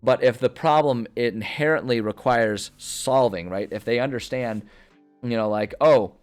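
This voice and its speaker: A streamer with a medium-pitched voice thinks aloud, a little slowly, while planning a story in casual livestream chat. He rambles with plenty of fillers and restarts, and faint music plays behind him.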